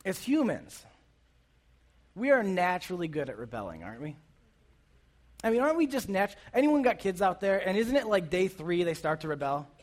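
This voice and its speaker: Youth pastor, man, high voice, chatty sermon that keeps asking the crowd questions. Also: big pitch swings, moderate pace, pauses often. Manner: conversational, asks the audience questions. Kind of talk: casual sermon.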